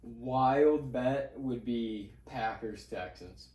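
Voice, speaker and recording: A man's voice: medium pitch, extremely slow, warm tone. Laid-back man, distant roomy sound. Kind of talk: casual sports chat. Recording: roomy, distant, faint noise.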